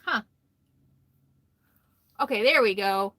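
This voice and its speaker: A woman's voice: medium pitch, animated, slow, noisy background. A tired woman hosting a casual RV livestream from her phone, chatty, greeting viewers by name and laughing often. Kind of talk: casual live stream chat. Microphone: phone held close.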